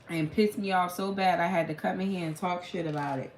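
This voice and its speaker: A woman's voice: lowish voice, fairly even intonation, brisk. Blunt, profane woman in an echoey room. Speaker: tarot reader. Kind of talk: late-night casual live chat. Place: room at home at night. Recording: echoey room with faint hum.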